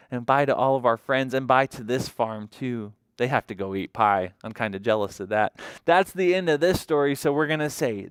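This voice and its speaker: A woman's voice: very deep voice, dry recording, clean studio sound. Sing-song woman reading to toddlers. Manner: sing-song, coaxing, asks children questions. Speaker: children's librarian. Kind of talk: toddler story time read-aloud.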